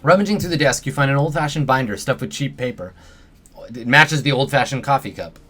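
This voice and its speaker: A man's voice: medium pitch, brisk, sharp tone. A man hosting a live let's play, reading game narration aloud in a playful manner.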